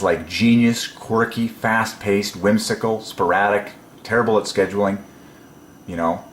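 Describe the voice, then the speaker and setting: A low-voiced man, a religious video presenter, delivers a casual solo preaching monologue, musing and wandering between thoughts with frequent ums and soft chuckles to himself. The room is echoey, and a faint hiss sits underneath.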